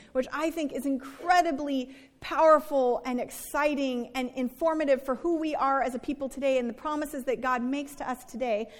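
A woman reading scripture and preaching a sermon in an earnest, conversational way. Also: sits high. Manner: earnest, conversational, acts out quoted complaints. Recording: reverberant worship hall.

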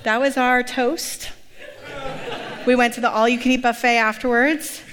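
Casting: middle-aged woman pastor, fairly high voice, animated storyteller, personal testimony. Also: moderate pace, long reverb tail, a faint crowd. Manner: lively storytelling, acting out quoted voices.

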